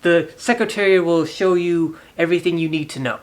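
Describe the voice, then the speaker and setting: A man doing a gruff, forgetful old coach. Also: fairly high pitch, fairly even intonation, fairly quick, close to an everyday voice. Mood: brusque. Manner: gruff, brusque.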